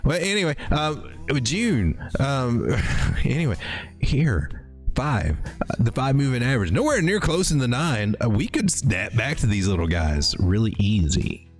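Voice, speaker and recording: A man hosts a live chart-reading stream, joking and rambling through the charts, greeting his chat, and startling easily. His mid-range voice has big pitch swings at a measured pace, and soft music plays in the background throughout this casual chart commentary.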